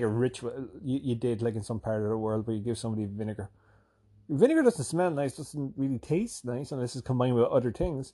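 In a mid-range voice, a man from Ireland rambles through his vlog, speaking casually with a softened Irish accent. The monologue is profane and self-deprecating.

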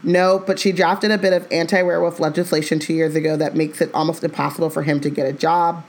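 A woman reading aloud as a wry, protective grown man, in a steady delivery. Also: low voice, quick pace.

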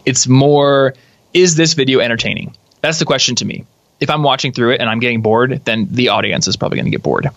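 A young man, a guest on a podcast, explaining his video workflow in a casual, animated way and laughing easily. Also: medium pitch, quick pace, gravelly, no echo. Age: young adult. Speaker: guest, YouTube creator. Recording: slightly dull, dry sound.

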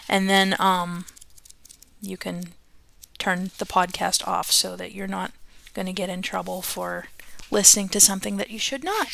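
A woman's voice: fairly low pitch, little pitch movement, moderate pace, vocal fry, a bit bright. A woman host reading a book aloud on her podcast, chatty and self-correcting, laughing at her own slips.

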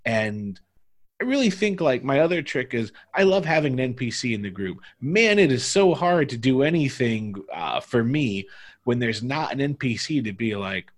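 A man's voice: mid-range voice, big pitch swings, normal speed. A man who runs tabletop games, chatting casually on a podcast and rambling through his tips with lots of filler words. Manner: rambling, heavy use of fillers like "like". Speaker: game master.

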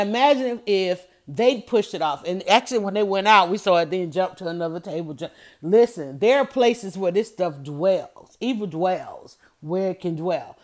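A woman hosting a motivational podcast, telling stories with lively energy and repeating her key phrases to press a point. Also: lowish voice, moderate pace. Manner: lively storytelling, addresses listeners as y'all and honey. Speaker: podcast host.

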